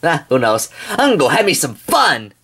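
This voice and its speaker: Upbeat chatty guy character, someone voicing, lively sing-song. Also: medium pitch, a little fast, slightly rough, full character voice. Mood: cheerful. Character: cheerful friendly gift-giver, male. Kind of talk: amateur toy drama.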